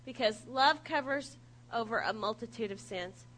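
A woman preaching a humorous sermon, telling stories in an animated, self-mocking way. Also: high voice, moderate pace, rough recording.

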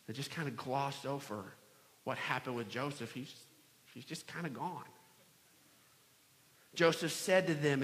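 A man preaching a sermon in a church, acting out the scripture scenes with shouts and playful voices. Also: fairly high pitch, animated, moderate pace, long pauses, long reverb tail. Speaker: pastor. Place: large church hall.

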